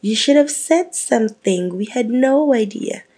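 A woman's voice: fairly high pitch, expressive, a little slow, dark tone, slightly rough, voice pushed up, full character voice. A woman reading aloud and voicing teasing teenage twin boys in a mock-surprised tone.

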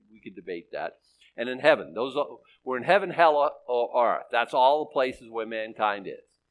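Animated older man preaching a sermon. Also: mid-range voice. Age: 60s. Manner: animated and emphatic, with sarcastic asides; reads scripture aloud in older English. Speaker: pastor.

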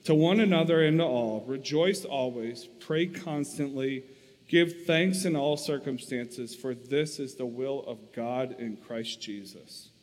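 A man's voice: medium pitch, measured pace, darkish tone, close to an everyday voice. A man reading as an earnest young woman. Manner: reading quoted lines aloud, earnest. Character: devout young Dutch woman, fervent. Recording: long reverb.

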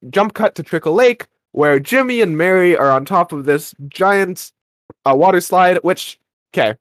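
A man's voice: a little high, dry recording, studio quality. A young man co-hosting a podcast, chatting casually about a radio drama episode and wandering off on self-interrupting tangents. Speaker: podcast co-host.

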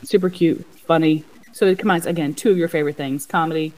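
Enthusiastic woman podcast co-host, low voice. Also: steady tone, fast talker, darkish tone, rough recording. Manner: enthusiastic, gushing recommendations. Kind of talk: casual chat.

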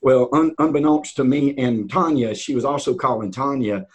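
A husky-voiced man tells a long, winding story as a podcast guest. He is animated and restarts his sentences often. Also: mid-range voice, normal speed, poor audio. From north of Atlanta, US. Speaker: guest, real estate auctioneer. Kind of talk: casual storytelling in a podcast interview.

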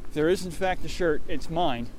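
A man's voice: fairly high pitch, normal speed, a little mellow, a little hiss or hum. A man co-hosting a podcast while running outdoors on city streets, chatting casually and slipping into puns and silly impressions. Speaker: podcast co-host.

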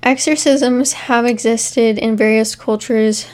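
A woman's voice: on the high side, fairly even intonation, takes it slowly, a little mellow. A woman co-hosting a casual podcast, reading case notes with asides and frequent ums. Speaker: podcast co-host. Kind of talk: casual true-crime podcast chat.

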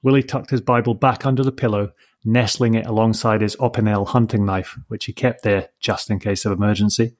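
Man reading a storybook, measured. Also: fairly low pitch, steady tone, a little mellow. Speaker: narrator. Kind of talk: storybook narration.

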